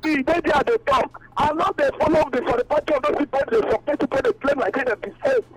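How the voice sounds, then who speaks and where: Nigerian man, radio caller, very high lively voice, faint line noise, rambling. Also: quick pace. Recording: faint noisy phone line.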